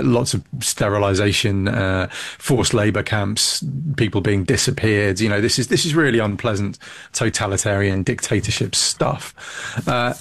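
Gravelly low-voiced man. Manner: blunt, emphatic, many restarts. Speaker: think tank fellow, guest. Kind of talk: political commentary interview.

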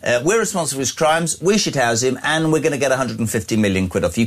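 Animated man hosting talk radio. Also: mid-range voice, fast, hardly any pauses. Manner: animated, indignant, jokey, reads out listener messages. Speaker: radio phone-in host. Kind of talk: opinionated talk radio chat.

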